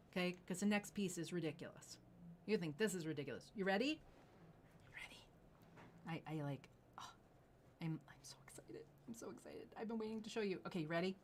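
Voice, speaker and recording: A middle-aged woman hosting a live jewelry sales show, gushing with excitement, gasping and dropping into whispers. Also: lowish voice, slight background noise.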